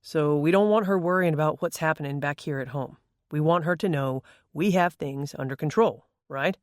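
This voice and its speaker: A narrator voicing a calm, reasoning father with a deep baritone in an audiobook. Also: moderate pace, no room sound, clean studio sound, lightly acted. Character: grown man, booming baritone father.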